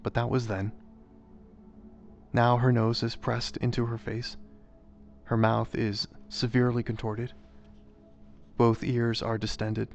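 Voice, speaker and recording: A man, a chaplain, reading a devotional story aloud in a measured, even way. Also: mid-range voice. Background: soft background music.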